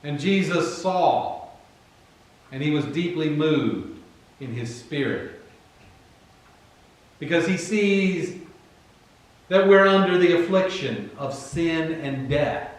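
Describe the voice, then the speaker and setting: A man with a Virginian accent, preaching a sermon conversationally and acting out Bible figures in quick asides. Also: a little high, animated. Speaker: pastor. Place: church. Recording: very echoey room, far from the mic.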